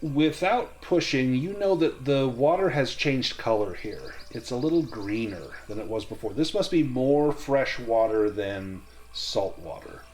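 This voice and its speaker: A man narrating as game master of a tabletop game, relaxed and quick to laugh. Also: mid-range voice. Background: faint music.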